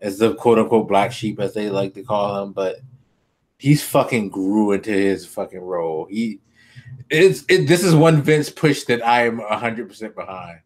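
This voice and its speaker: A man's voice: on the low side, moderate pace. A man co-hosting a podcast, chatting casually about wrestling, swearing freely and laughing often. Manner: laughing, profane, animated impressions. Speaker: podcast co-host.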